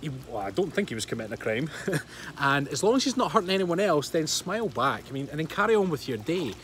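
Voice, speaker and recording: A Scottish man in his thirties chats casually to his livestream viewers, laughing often and replying to their comments. His voice sits a little high, and he talks into a phone held at arm's length outdoors by a pool. Faint outdoor noise runs behind him. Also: very animated, fast, fairly bright tone. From Scotland. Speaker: livestream host.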